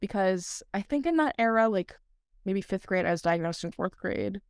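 A woman's voice: medium pitch, lively intonation, normal speed, clean tone, dry recording, clean studio sound. A young woman co-hosting a podcast, telling her story in casual chat with lots of filler words and a laugh here and there. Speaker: podcast co-host.

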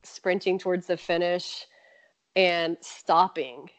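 A marathon runner, appearing as an interview guest, tells a personal story while laughing often and acting out what people said. Her voice is fairly low and slow, and the dry recording has dull, lo-fi remote audio.

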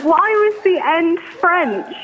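A woman's voice: very high-pitched, lively intonation, noisy background. British woman on a tinny phone line. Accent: British English. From England. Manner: candid, self-conscious, quick to laugh. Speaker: caller. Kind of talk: phone-in conversation.

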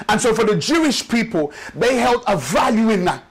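High-voiced preacher. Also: male voice, animated, breathy edge, low-quality recording. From Nigeria. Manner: rhythmic preaching with repeated phrases, slows for emphasis. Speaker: pastor. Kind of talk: sermon. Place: church service.

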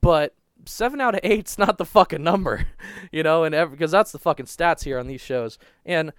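A man's voice: a little high, normal speed, a bit bright, clear, resonant tone, dry recording. A young man telling a crude, rambling story on a casual podcast, swearing constantly and restarting his sentences. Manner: profane, rambling, restarts a lot.

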